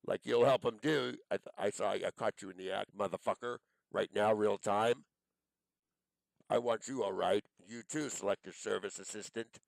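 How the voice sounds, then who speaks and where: A man's voice: lowish voice, moderate pace, creaky, no room sound, rough recording. A man delivering an angry, profane monologue, accusing and cursing as he rambles from one charge to the next.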